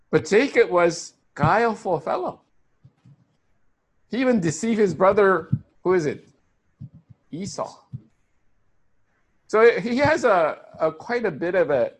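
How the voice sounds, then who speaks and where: Male pastor, sermon, casual asides and restarts, somewhat high voice. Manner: conversational, with filler words and restarts.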